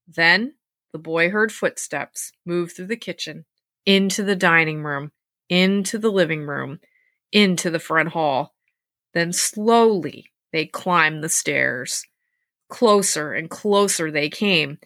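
A woman hosting a podcast, reading scary stories aloud and chatting about them, with lively acted-out quotes. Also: sits low, slow pace, dry recording, studio quality. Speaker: podcast host and storyteller.

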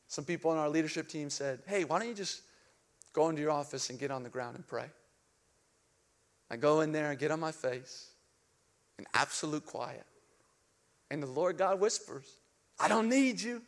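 A young man preaching a sermon as pastor, telling stories with animated outbursts and dropping to a soft hushed tone for reflective moments. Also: sits high. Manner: animated storytelling, acting out panic with loud outbursts.

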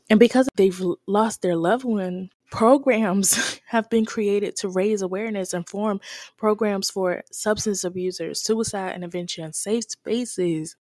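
A woman's voice: medium pitch, darkish tone, no room sound. A woman talks straight into a close, dry mic, giving a faith-based pep talk on her own show. Her delivery is preachy and encouraging, and she laughs often as she speaks. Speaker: podcast host.

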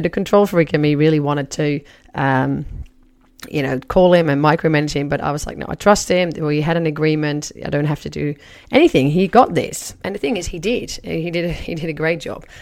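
Gravelly-voiced woman coach telling a story. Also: low voice. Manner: chatty, animated, acts out her own past remarks. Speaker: life coach and trainer. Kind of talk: teaching talk with a personal story.

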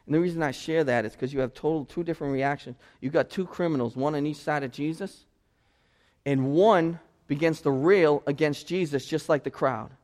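A high-pitched man delivering a sermon as a pastor. He moves between conversational storytelling and loud, impassioned preaching. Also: moderate pace.

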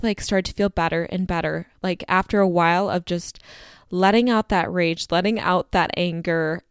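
In a studio-quality recording with no room sound, a podcast host speaks in a fairly low, clear, resonant voice. She's a young adult woman talking candidly and casually, leaning heavily on "like" and cursing without hesitation.

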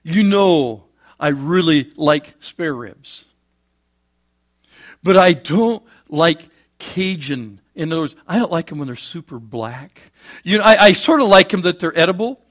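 A man delivering a sermon in a somewhat high voice. He builds to loud, emphatic peaks and then drops into quiet, low asides, mixing in homely jokes. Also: animated, unhurried. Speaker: preacher.

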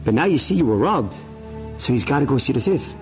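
A man delivers a sermon built around an inspirational religious story, speaking fairly quickly in a mid-range voice with faint music behind him. He's animated and acts out the dialogue of the story's characters.

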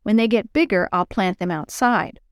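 A woman's voice: medium pitch, moderate pace, no echo, studio quality, close to an everyday voice. Stern storybook dad, firm and protective, read by a woman. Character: grumpy father, protective gardener.

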